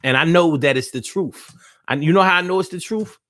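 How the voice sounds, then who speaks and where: A man's voice: on the high side, brisk, fairly bright tone, dry recording, studio quality. Loose, profane male live-show host. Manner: loose, profane, slang-heavy ranting; teasing, talks straight to listeners. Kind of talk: casual live-stream talk.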